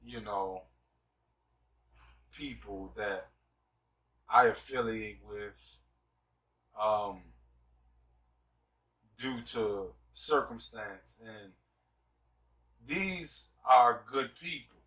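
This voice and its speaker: A man's voice: fairly low pitch, very slow, pauses often, a bit bright, distant mic, poor audio. A man hosting a casual discussion show in an emphatic, preacher-like way, often asking "you see what I'm saying". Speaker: host.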